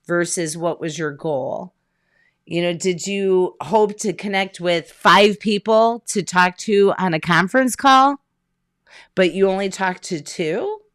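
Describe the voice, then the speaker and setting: A woman business coach with a lowish voice gives a motivational talk online from her home. She's energetic and conversational, firing off one rhetorical question after another.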